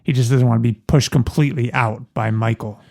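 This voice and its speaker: A male podcast co-host with a gravelly, creaky voice and a middle pitch. He chats casually and keeps probing with follow-up questions. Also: fairly even intonation, brisk, a little mellow. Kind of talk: casual chat.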